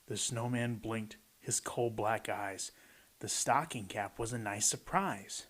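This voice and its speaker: A man with a lowish, fairly bright voice reads a rhyming picture book aloud at a slow pace. Between pages he adds playful, chatty commentary.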